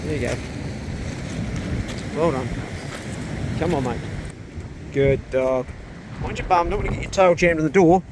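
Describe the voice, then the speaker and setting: A laid-back man narrates a casual vlog outdoors, chatting easily and talking to his dogs. His voice sits slightly high for a man. Wind and outdoor noise are clearly audible under him. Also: a little slow, pauses often. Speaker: vlogger. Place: outdoors in forestry and in a truck.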